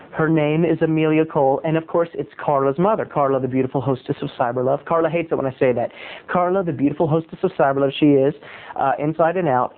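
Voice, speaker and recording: Chatty man on a tinny line. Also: fairly high pitch. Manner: chatty, digressive, animated storytelling. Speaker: podcast host. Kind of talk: rambling comic monologue. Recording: tinny phone-like audio.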